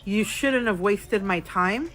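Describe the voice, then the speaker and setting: A woman's voice: mid-range voice, slow pace, fairly bright tone, low-quality recording. Tipsy woman venting on a storytime vlog. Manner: frank, chatty, addresses viewers as girl and y'all. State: a little tipsy. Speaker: vlogger. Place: hotel room, alone.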